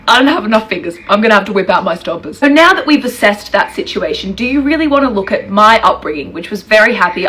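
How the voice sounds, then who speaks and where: A woman's voice: medium pitch, fairly bright tone. A woman speaking straight to camera in a sarcastic, playful social media rant, laughing at points. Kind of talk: direct-to-camera commentary.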